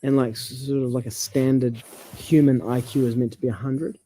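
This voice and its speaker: A man, chatting casually about language and reading passages aloud with halting restarts. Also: mid-range voice, fairly even intonation, dark tone, slight background noise.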